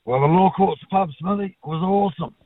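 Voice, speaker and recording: A man's voice: high voice, normal speed, no echo. A blokey New Zealand man rings in to talkback radio and gives his opinion bluntly, with casual swearing. His voice comes down a tinny, phone-like line and sounds dry, with no room around it. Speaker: caller.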